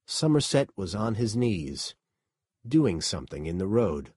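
Slow, husky male audiobook narrator. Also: on the low side, no echo, clean studio sound. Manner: measured, expressive reading. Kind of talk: scripted narration.

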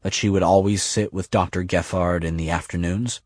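A man reading a novel aloud in a measured, lyrical way. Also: low-pitched, steady tone, a little mellow, no room sound. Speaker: audiobook narrator. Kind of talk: scripted narration.

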